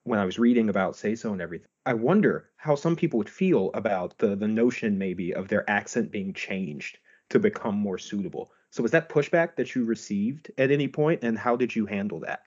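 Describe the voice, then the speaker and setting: A man interviewing a guest, asking relaxed, curious questions. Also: on the low side, fairly quick, hardly any pauses, slightly rough. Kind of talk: podcast interview. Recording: dull lo-fi audio.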